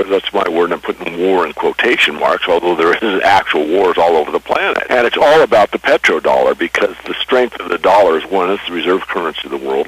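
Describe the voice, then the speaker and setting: A man's voice: sits low, fairly bright tone, husky, rough recording. A man, a precious metals newsletter writer, speaking earnestly and emphatically in a radio interview. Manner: earnest, emphatic about markets and geopolitics.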